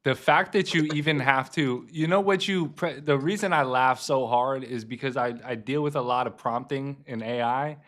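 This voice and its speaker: A man's voice: mid-range voice, normal speed, hardly any pauses, a bit bright. A man co-hosting a podcast in casual chat, laughing and reacting to a story. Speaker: podcast co-host.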